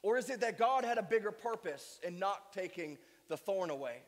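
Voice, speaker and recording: A man's voice: high-pitched, animated, moderate pace, long reverb tail. A male pastor preaching a sermon with emphatic delivery and strings of rhetorical questions. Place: church sanctuary.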